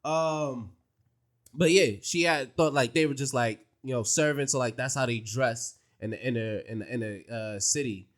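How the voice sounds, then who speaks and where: A man hosting a casual podcast chat, slangy and animated, talking in quick rushes. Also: mid-range voice. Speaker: podcast host. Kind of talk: casual anime recap chat.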